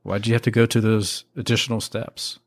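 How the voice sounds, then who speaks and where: A man's voice: fairly low pitch, flat delivery, brisk, dry recording, studio quality. A man co-hosting a podcast, laid-back and mostly giving short agreeing replies. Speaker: podcast co-host. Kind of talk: casual podcast chat.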